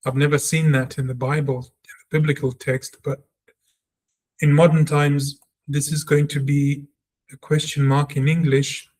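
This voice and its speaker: A man talks through a language lesson at an unhurried pace. He reads example sentences and then explains them. He repeats single sounds several times so they can be practised. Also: on the high side, darkish tone. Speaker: Hebrew teacher. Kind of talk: slow spoken lesson, reading aloud and explaining.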